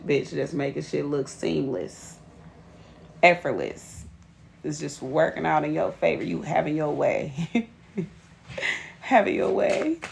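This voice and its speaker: A woman's voice: low-pitched, creaky, darkish tone, slight background noise. A woman giving a live tarot reading, blunt and profane, greeting viewers by name. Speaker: tarot reader.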